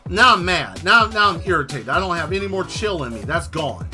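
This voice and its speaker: A man hosting a casual stream, telling a long exasperated story with plenty of swearing and animated asides. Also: on the high side, brisk, soft background music. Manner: exasperated, profane, animated retelling. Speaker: host.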